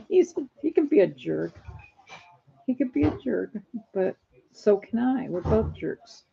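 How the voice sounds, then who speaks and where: A woman's voice: on the high side, big pitch swings, slow pace, gravelly, slight background noise. A woman in her sixties chatting at home on a phone live stream, rambling from one topic to the next. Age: 60s. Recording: dull lo-fi phone audio.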